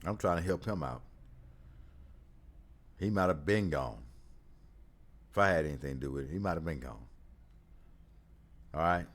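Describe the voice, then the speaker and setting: A man hosting a casual sports talk show, speaking animatedly, with frequent laughter and loud whoops. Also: rumbling low, moderate pace, long pauses. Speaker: sports commentary host.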